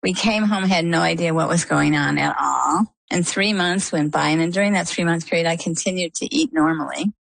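A woman's voice: fairly low pitch, a little fast, gravelly, hardly any pauses, no room sound, rough recording. A middle-aged woman from Maine being interviewed, telling a personal story and acting out what people said to her. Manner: animated storyteller, acts out quoted dialogue. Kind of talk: conversational storytelling.

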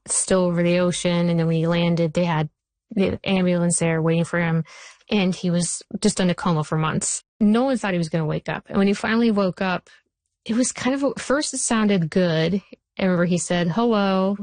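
A woman in her forties, a TV writer being interviewed, who tells stories in an animated way and acts out the quotes. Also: fairly low pitch, brisk, no echo. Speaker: TV writer and showrunner. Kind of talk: interview guest.

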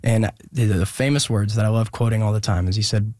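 A young man from Oregon telling a personal story as an interview guest, earnest and hesitant, with many pauses and restarts. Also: lowish voice, fairly even intonation, a little mellow, dry recording, clean studio sound.

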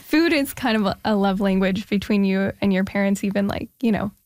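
A woman's voice: mid-range voice, a little fast, a little mellow. A woman hosting an interview, asking thoughtful and encouraging questions. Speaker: interviewer host. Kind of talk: podcast interview.

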